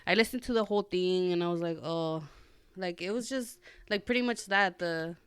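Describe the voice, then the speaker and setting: A young adult woman hosting a podcast, telling a story in a loose, animated ramble with lots of fillers. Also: on the low side, normal speed, clear, resonant tone, no room sound. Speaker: podcast host. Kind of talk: casual chat.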